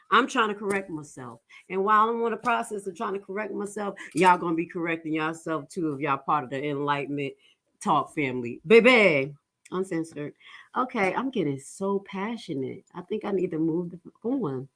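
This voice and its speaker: Profane, animated woman streamer. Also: mid-range voice, moderate pace. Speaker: livestream host. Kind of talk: uncensored livestream commentary.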